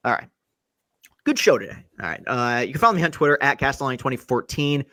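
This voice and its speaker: Guy doing a solo sports podcast, middle pitch, dry close sound, gets fired up and trips over his words. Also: fast, no echo. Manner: animated, repeats words and restarts when heated. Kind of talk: casual solo sports talk.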